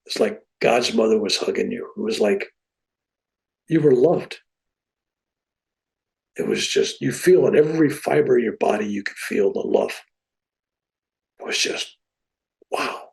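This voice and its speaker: Male podcast guest, mid-pitched with a gravelly rasp, relaxed and animated storyteller. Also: low-quality recording. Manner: animated, with a relaxed plain-spoken delivery. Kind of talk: casual spoken storytelling.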